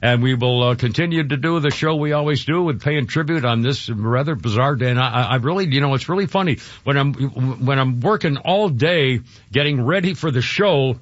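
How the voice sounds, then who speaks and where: A man's voice: medium pitch, fairly quick, no echo, muffled recording. Rambling emotional radio host, man. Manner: emotional, rambling with many restarts. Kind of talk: casual talk radio.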